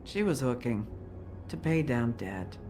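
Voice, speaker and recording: A woman's voice: very deep voice, very animated, a little slow, warm tone, slight background noise, full character voice. An actress playing a tough, grieving female bar owner in a video game, weary and subdued. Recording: game audio over music.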